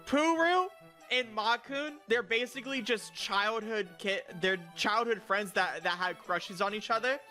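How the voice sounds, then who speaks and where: A young man with a high, bright voice talks loosely in a casual stream chat. He stumbles over his words, repeats himself and swears crudely, breaking into mock-outraged protests. Faint music plays behind him. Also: a little slow. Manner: rambling, stammering, crude, mock-outraged outbursts. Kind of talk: casual stream chat, reviewing viewer picks.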